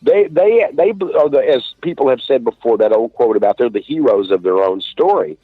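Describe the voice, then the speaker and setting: A man's voice: mid-range voice, lively intonation, normal speed, breathy edge, no echo. East texas guy spinning stories in a drawl, dry muffled sound. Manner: storytelling, drawling, many restarts. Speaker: author guest. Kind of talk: casual interview talk. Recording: dull lo-fi dry stream audio.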